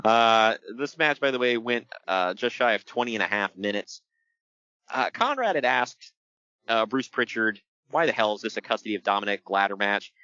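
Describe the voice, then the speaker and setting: A man chatting casually on a podcast about wrestling, laughing often and acting out quotes in a high voice. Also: normal speed, sharp tone, no echo, muffled recording. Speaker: podcast host.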